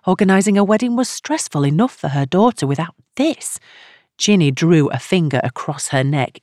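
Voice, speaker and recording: Woman audiobook narrator, low voice, dry studio sound. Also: a little mellow, dry recording. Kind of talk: scripted narration.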